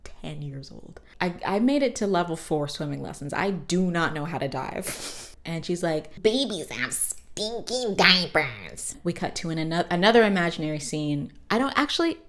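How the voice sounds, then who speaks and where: A woman with a low, deep-set voice talks through a cartoon episode in loose podcast chat. She swears freely and drifts into jokes and side comments. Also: animated, normal speed. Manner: chatty, profane, lots of fillers and asides. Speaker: podcast host. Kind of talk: casual comedic episode recap.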